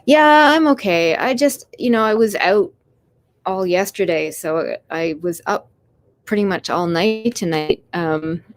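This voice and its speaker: A woman's voice: fairly low pitch, lively intonation, a little slow. A Canadian woman with a Canadian accent, hosting a casual live stream, tired and rambling as she answers her chat with small apologies.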